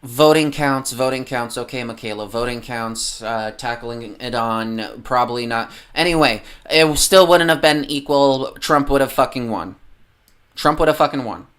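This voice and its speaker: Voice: medium pitch, moderate pace, a bit bright, clean tone. A livestreamer ranting casually about politics, heavily profane and rambling, often losing the train of thought.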